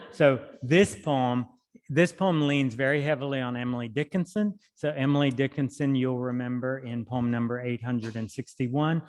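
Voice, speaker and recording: A male poet giving a reading, speaking in an unhurried, thoughtful way between and through his poems. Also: medium pitch. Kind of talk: poetry reading with spoken commentary. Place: library hall. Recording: long hall reverb.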